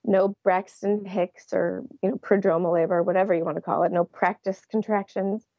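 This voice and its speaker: A woman's voice: medium pitch, steady tone, moderate pace, dry recording. Woman telling a story, laughing often, dry lo-fi sound. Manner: laughs often while recounting. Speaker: interview guest. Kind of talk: casual storytelling.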